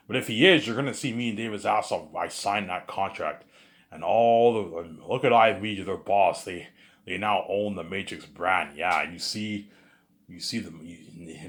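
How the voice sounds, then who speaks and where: Deep-voiced man rambling to camera. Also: fairly bright tone. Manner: rambling, many repeats and filler phrases. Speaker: vlogger. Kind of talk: rambling monologue.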